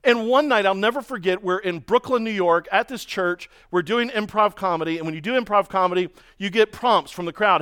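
A man preaching a sermon, telling stories in a lively way and acting out the voices of other people. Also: sits high, normal speed, hardly any pauses, clear, resonant tone. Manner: storytelling, animated, mimics voices in quotes. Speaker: pastor.

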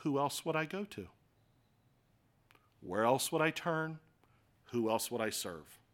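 A man preaching a sermon as pastor, moving from quiet, earnest passages to loud, passionate declarations and acting out quoted voices. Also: medium pitch, expressive, takes it slowly. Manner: acts out quoted voices with rhetorical questions.

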